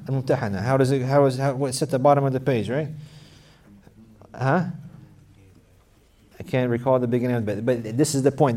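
A man's voice: medium pitch, darkish tone, far from the mic. A man teaching a religious lesson who repeats phrases for emphasis and rises to intense, emphatic passages. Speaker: Islamic teacher. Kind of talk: religious lesson with Arabic quotes.

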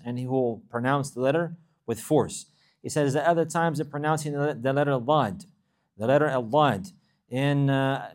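A man teaching a religious lesson. He reads classical Arabic passages quickly, then explains them in English, often restarting and repeating phrases. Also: mid-range voice. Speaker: Islamic teacher.

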